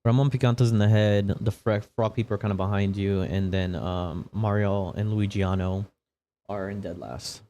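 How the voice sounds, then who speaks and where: A man's voice: on the low side, steady tone, moderate pace, dark tone, a little hiss or hum. A man narrating as game master of a tabletop game, casual and profane with a rambling delivery.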